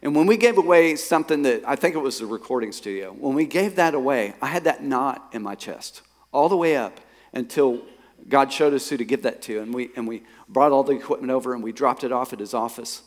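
A male pastor preaching a sermon. He tells a personal story and swings from quiet reflection to emphatic, rising bursts. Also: medium pitch, expressive, a little fast. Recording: long hall reverb.

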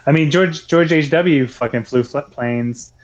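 A man's voice: on the high side, unhurried, highs cut off, a little hiss or hum. A man co-hosting a casual movie podcast, rambling with lots of swearing and frequent laughter. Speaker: podcast co-host.

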